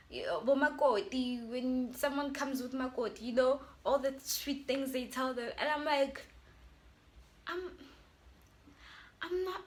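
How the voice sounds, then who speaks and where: A young South African YouTuber, accented, tells her viewers a casual storytime in an animated, chatty way. She speaks slowly in a high-pitched voice.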